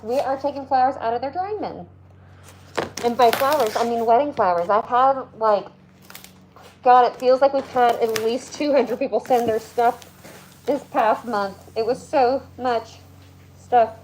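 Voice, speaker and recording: A woman's voice: on the high side, normal speed, darkish tone, a little hiss or hum, poor audio. Tennessee woman, stream host, chatty and offhand while working. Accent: Southern US, Tennessee. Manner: chatty, lots of "like" and asides. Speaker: live-stream host, flower preserver. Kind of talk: casual chat while working.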